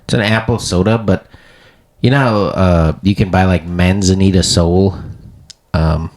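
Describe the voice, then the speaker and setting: A man's voice: low-pitched, measured pace. A man, co-hosting a casual podcast chat and telling stories with acted-out quotes and laughter. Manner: animated storyteller, acts out quotes with laughs. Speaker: podcast co-host.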